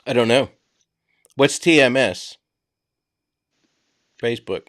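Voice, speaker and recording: A man's voice: mid-range voice, takes it slowly, crowd noise. A man with a Boston accent, hosting a casual true-crime discussion and talking emphatically. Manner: conversational, emphatic, drops filler words. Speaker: podcast host.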